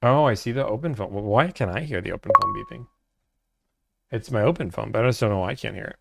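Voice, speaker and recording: A man's voice: lowish voice, fast, vocal fry, loud music behind the voice. A young man hosting a casual livestream, reading viewer chat aloud and answering in a laid-back, chatty way.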